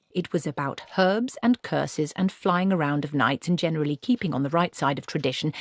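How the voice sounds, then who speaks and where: A woman reading a novel aloud as an audiobook narrator, in measured storytelling. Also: low voice, husky, dry recording, clean studio sound.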